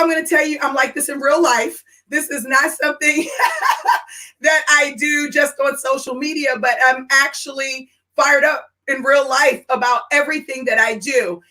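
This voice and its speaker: Bright, high-pitched excited woman. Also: rough recording. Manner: high-energy, exclamatory, addresses viewers by name. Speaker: host of a live stream. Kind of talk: excited live-stream announcement.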